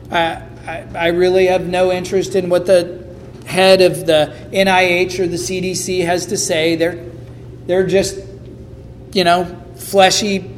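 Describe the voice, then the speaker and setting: A man's voice: high-pitched, slight background noise. A man preaching a sermon in a conversational way, acting out quotes from the people he talks about. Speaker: pastor.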